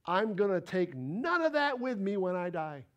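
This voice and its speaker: A man preaching a sermon, animated and emphatic, repeating words for stress. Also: high-pitched, normal speed. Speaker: pastor.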